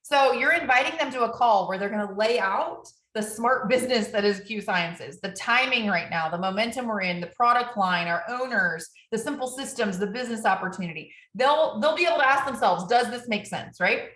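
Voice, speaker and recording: Energetic woman team coach, fairly high voice, keeps asking "right?", roomy echo. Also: brisk, hardly any pauses. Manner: upbeat, energetic, ends points with tag questions. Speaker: business team trainer.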